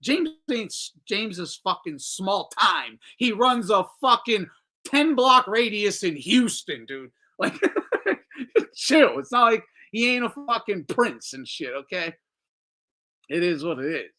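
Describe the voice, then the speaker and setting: A man with a high-pitched voice speaks slowly while hosting a boxing talk show. His commentary is casual, animated, profane, and mocking, and he reads his chat aloud and answers it.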